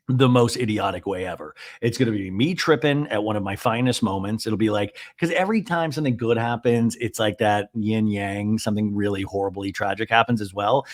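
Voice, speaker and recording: A man of ordinary, middle pitch hosts a comedic TV recap monologue. He is animated and giggly, keeps slipping into silly voices, and drifts into rambling confessional asides. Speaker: podcast host.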